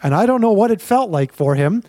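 A man preaching as a pastor, telling the story in a lively, conversational way and acting out the voices of the people in it. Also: sits high, fairly quick, dry recording. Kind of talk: sermon storytelling.

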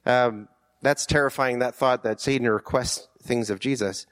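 A man's voice: mid-range voice, fairly even intonation, a little fast, fairly bright tone. Earnest man preaching. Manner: conversational and earnest, with frequent restarts and rhetorical questions. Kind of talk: sermon.

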